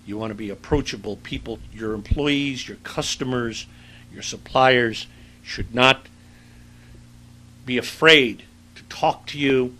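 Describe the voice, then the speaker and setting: A man's voice: medium pitch, unhurried, bright, forceful tone, low-quality recording. A middle-aged man giving a university lecture in a conversational, anecdotal way, with frequent fillers. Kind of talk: recorded lecture.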